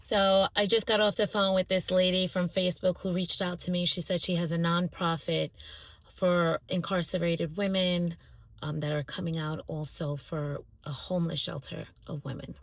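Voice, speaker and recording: A woman's voice: lowish voice, level tone, normal speed, no room sound. A middle-aged woman sharing a heartfelt personal testimony in a casual vlog, talking from a car. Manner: earnest, heartfelt, faith-filled storytelling. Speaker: vlogger. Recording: loud car road noise.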